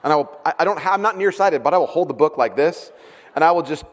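A middle-aged pastor with a voice on the high side talks at a quick pace during his sermon. He animatedly retells stories that poke fun at himself, voicing each character, under long hall reverb.

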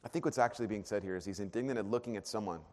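A man preaching a sermon, earnest, dropping to a hush and then rising to emphatic peaks. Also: on the low side, rapid-fire. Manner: earnest, swings from hushed to emphatic. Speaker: pastor. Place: church auditorium. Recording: long hall reverb.

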